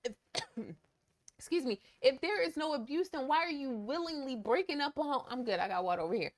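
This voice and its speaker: A woman co-hosts a relationship talk show. Her voice sits a little high, and she talks in a heated, emphatic way that climbs when she is indignant. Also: lively intonation, fairly quick. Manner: emphatic, indignant, rising pitch when outraged. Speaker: podcast co-host. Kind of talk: casual opinion chat.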